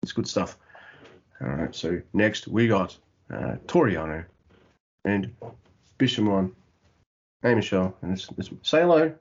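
Man, husky voice, lively pitch, muffled lo-fi audio, casual podcast chat. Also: measured pace, pauses often. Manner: animated, mimics wrestlers with loud yelps and laughs. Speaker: podcast co-host. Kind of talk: casual wrestling recap chat.

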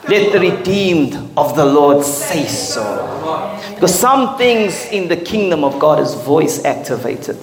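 A man's voice: fairly high pitch, sing-song, measured pace, crowd noise. Emphatic man preaching in an echoey church. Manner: emphatic preaching with rhetorical questions. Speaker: pastor. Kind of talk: sermon. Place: church hall with congregation. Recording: echoey hall with congregation responding.

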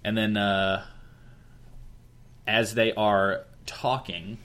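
A young man on a casual podcast, talking through a story in a fairly low voice. He narrates quickly and keeps slipping into quick impressions of the characters. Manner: animated storytelling, acts out character lines. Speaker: podcast co-host.

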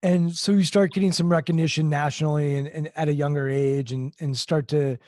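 A man's voice: a little high, fairly even intonation, a little fast, a little mellow, no room sound, studio quality. A man hosting an interview, asking curious follow-up questions. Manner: curious, follows up on the guest's answers.

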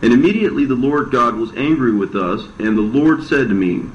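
A man reading an old religious text aloud as scripted narration, plain and steady, in a roomy, dull recording. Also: mid-range voice, a little fast, few pauses, slight background noise. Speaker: reader.

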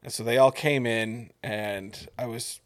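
A young adult man telling stories, swearing freely and acting out the people in them. His pitch sits in a plain middle range. The talk is a loose, rambling podcast chat. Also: measured pace. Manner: profane, animated storytelling with acted quotes. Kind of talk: casual storytelling chat.

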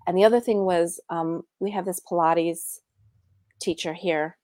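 An Australian woman, middle-aged, sharing an emotional personal story, animated and expressive, often dropping to a hushed whisper. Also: fairly low pitch, measured pace, no room sound. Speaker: guest sharing a healing story.

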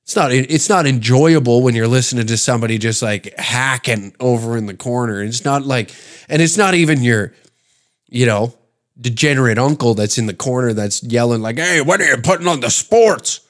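A man from Canada holds forth alone on his comedy podcast, speaking at an ordinary, mid-range pitch. He rambles and stumbles through restarts, laying on sarcasm and swearing freely as he builds each rant. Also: normal speed. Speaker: podcast host.

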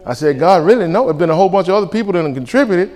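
A male pastor preaching a sermon, lively and colloquial, acting out back-and-forth dialogues. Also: high-pitched, rapid-fire. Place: church sanctuary. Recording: reverberant church hall.

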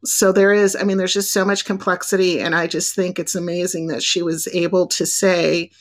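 A woman hosting an interview, speaking in a measured, thoughtful and affirming way. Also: fairly low pitch, flat delivery. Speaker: host. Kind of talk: interview conversation.

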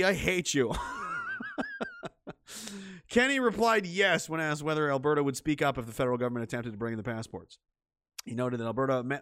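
A man's voice: on the high side, a bit bright, no room sound, studio quality. A middle-aged man giving ranting, sarcastic political commentary on a livestream and reading out chat messages, with lots of profanity and scorn.

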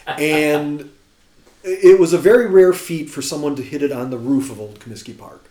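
A man in a casual chat, telling animated, laughing anecdotes with lots of restarts. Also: a little high, moderate pace, roomy sound.

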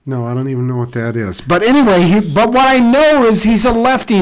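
Casual co-host, male, fairly high voice, jokey and quick to laugh, stumbles on words. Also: expressive. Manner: joking, laughs often, stumbles over words. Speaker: podcast co-host. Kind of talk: casual banter. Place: dining room at home.

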